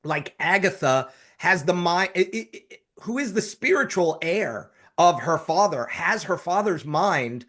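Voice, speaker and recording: An eager man with a fairly high voice describes characters and story ideas with plain enthusiasm. He keeps the talk casual and lively. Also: measured pace, hardly any pauses. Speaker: comic writer guest. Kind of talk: casual interview chat.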